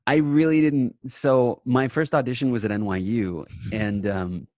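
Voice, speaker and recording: A young adult man, an actor guest, chatting casually in a remote interview and telling animated stories in which he quotes himself. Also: mid-range voice, measured pace, no room sound. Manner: animated storyteller, quotes himself in lively bursts. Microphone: remote call mic.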